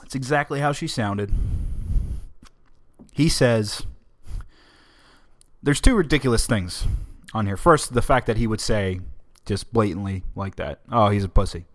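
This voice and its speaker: A man's voice: lowish voice, measured pace. A man hosting a political podcast, giving opinionated, emphatic commentary in a conversational way. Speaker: podcast host.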